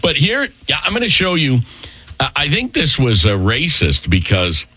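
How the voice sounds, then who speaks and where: Animated joking radio host. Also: male voice, mid-range voice, moderate pace, breathy edge, no room sound. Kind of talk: casual morning radio chat.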